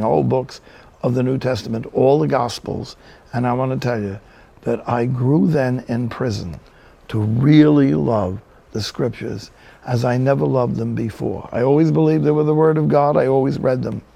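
An older man from New Jersey preaching a sermon, telling stories in a folksy, animated way. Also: medium pitch, vocal fry. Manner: storytelling, folksy and animated with quoted asides.

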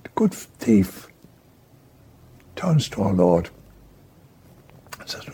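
A man preaching a sermon in a breathy voice that often drops to a whisper, emphatic, swinging from hushed to raised. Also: fairly low pitch, very animated, drawn-out words, long pauses, slight background noise.

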